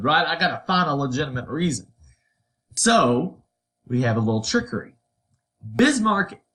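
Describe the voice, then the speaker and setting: A man's voice: on the high side, sharp tone. A man teaching a history lesson in a casual, conversational way, tossing in playful asides and putting on voices for quotes. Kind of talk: recorded history lecture.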